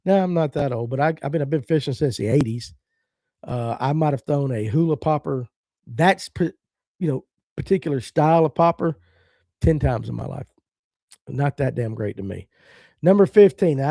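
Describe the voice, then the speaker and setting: A middle-aged man from the American South talks bluntly and casually on a fishing podcast, sharing strong opinions and reading viewer comments aloud. His voice sits a bit high for a man but sounds warm and mellow. The room is dry and close, with no echo. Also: creaky. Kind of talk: casual live-stream chat.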